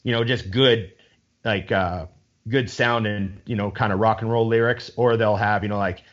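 A man's voice: on the low side, fairly even intonation, normal speed, highs cut off. A man in casual chat, rambling with enthusiasm and swearing freely as he talks.

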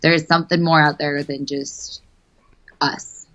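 A young woman talks as a podcast guest, chatty and quick to laugh, dropping the odd swear word. Her voice sits a little low. The recording sounds dull and lo-fi. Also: flat delivery, fairly bright tone. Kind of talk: casual chat.

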